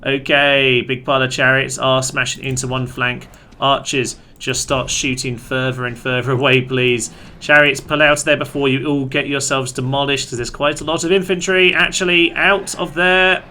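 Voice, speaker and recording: A man's voice: medium pitch, fairly even intonation, normal speed, pushed and bright. A young man giving upbeat, chatty commentary on a strategy game and calling orders to his units. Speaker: gaming channel host.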